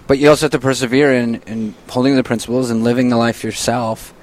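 A man hosting a casual faith discussion, chatty and animated, often laughing and slipping into quoted voices. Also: mid-range voice, fast talker, low-quality recording. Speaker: host. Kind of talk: casual Catholic Q&A talk.

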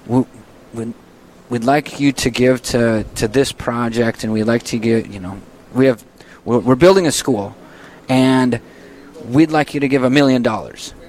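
A man hosting a casual faith discussion, chatty and animated, often laughing and slipping into quoted voices. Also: mid-range voice, unhurried, slight background noise, poor audio. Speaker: host. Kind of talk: casual Catholic Q&A talk.

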